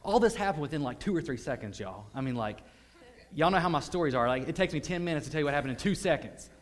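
A man preaches with a slightly high voice, spinning a story with lively energy. He drops to near-hushed tones, then surges up loud, full of folksy asides. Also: fast talker. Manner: animated, swings from hushed to loud. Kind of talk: sermon storytelling.

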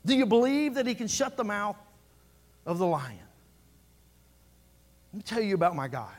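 A man's voice: sits high, big pitch swings, moderate pace, pauses often. A man preaching a sermon as pastor, fervent and building through repeated phrases.

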